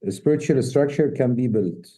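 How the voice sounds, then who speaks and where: Man reading aloud on a video call, halting with restarts, very dark tone. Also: mid-range voice, low-quality recording. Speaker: workshop participant reading aloud.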